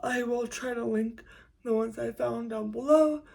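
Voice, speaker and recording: Young woman, vlogger, hushed and congested, halting delivery with stumbles, gravelly fry at the ends of phrases. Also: on the high side, low-quality recording. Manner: speaks quietly so roommates won't hear; halting, frequent stumbles and restarts. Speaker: YouTube creator. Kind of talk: casual vlog monologue.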